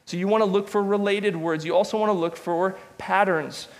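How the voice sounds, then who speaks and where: A man's voice: high-pitched, steady tone, moderate pace. A man teaching a Bible study class in a conversational way, with restarts and asides. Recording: long reverb of a large room.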